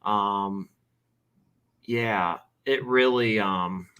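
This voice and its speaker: Man, livestream host, bright forceful tone, rambling casual chat. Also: on the low side, extremely slow, clear, resonant tone, highs cut off. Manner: loose, filler-heavy, trailing off.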